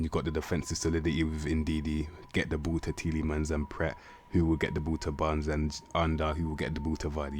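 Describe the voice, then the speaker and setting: A young man chatting casually in slang while going through a football management game. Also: rumbling low. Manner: relaxed slang-heavy chatter, drawn-out asides. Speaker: gaming YouTuber.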